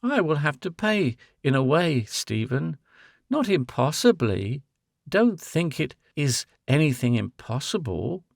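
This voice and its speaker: A man voicing a grown woman who is tender, sorrowful and resolute, speaking with soft pleading. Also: fairly high pitch, very animated, measured pace, vocal fry, no room sound, clean studio sound, heavily acted.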